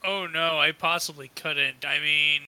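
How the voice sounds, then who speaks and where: A man takes part in a tabletop game, joking and bantering in character. His voice sits on the higher side and sounds very bright and sharp. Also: steady tone, a little slow, low-quality recording. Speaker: player. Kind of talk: casual tabletop role-play.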